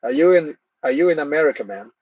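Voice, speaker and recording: Man, live-stream host, casual chat, fairly high voice, dry close sound. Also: animated, fast, a little mellow, breathy edge, dry recording, dull audio. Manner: chatty, answers viewers' comments by name.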